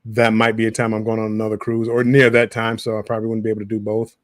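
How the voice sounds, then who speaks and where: A man's voice: lowish voice, completely flat delivery, quick pace, no echo. A man who is a guest on a casual live stream, talking hesitantly with repeated words and fillers.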